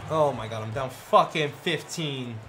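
A young man streaming a basketball video game, cursing in frustration and breaking into shouts at the plays. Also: medium pitch, measured pace. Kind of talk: live gameplay commentary. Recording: game music behind the voice.

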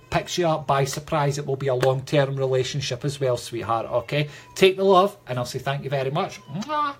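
Chatty Scottish man, husky voice. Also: on the high side. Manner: chatty, affectionate, calls viewers sweetheart. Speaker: psychic medium. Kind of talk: livestream reading.

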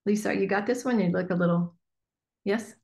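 A woman business coach teaching a workshop in a chatty, animated way with lots of fillers. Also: mid-range voice, a little fast, gravelly. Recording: echoey room.

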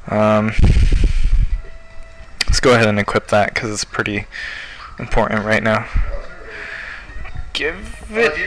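A young man casually commenting on a game as he plays, joking and relaxed. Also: fairly low pitch, noisy background. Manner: relaxed, joking, self-deprecating. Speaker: let's play host.

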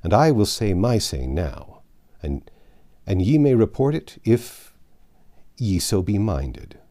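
A downtrodden peasant charcoal burner, as a male reader puts him on, talking in old-fashioned words that start hesitant and turn earnest. The voice is low and dark, with lively swings in pitch, in a storybook reading. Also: slow pace, full character voice. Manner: hesitant, then earnest archaic speech.

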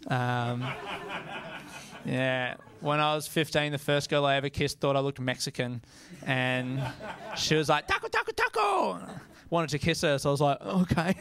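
A man's voice: mid-range voice, level tone, moderate pace, a crowd in the background. A young Australian man performing stand-up, casual and self-mocking, swearing and laughing into his lines. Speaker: stand-up comedian. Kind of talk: stand-up comedy set. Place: comedy venue stage.

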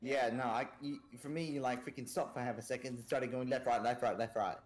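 A man's voice: medium pitch, steady tone, a little fast. A man co-hosting a podcast while playing a video game, chatting casually in a joking, boastful and rambling way. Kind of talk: casual gaming chat.

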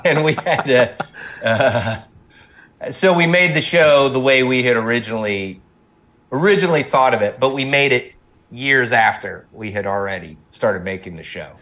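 Middle-aged guy being interviewed, rambly and self-deprecating, laughs a lot, middle pitch. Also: animated, moderate pace, a bit bright. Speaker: guest, animation co-creator. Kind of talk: casual interview chat.

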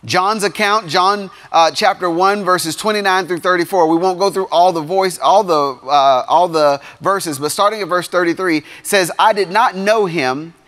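A man with a fairly high voice preaches to a youth crowd. He keeps it lively, punching some lines loud and dropping others to near asides. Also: moderate pace, few pauses. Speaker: youth pastor. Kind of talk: sermon.

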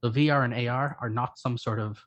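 A man with an Irish accent, co-hosting a live stream in quick, rapid-fire casual chat. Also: medium pitch, fairly even intonation. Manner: rapid-fire, self-described fast talker. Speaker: co-host. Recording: dull lo-fi stream audio.

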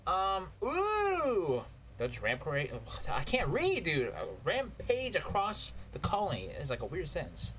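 A man's voice: on the high side, normal speed, hardly any pauses, a little hiss or hum. A man giving casual, jokey let's play commentary, exclaiming at the action. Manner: excitable, jokey, yelps at hits. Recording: game music loud behind voice.

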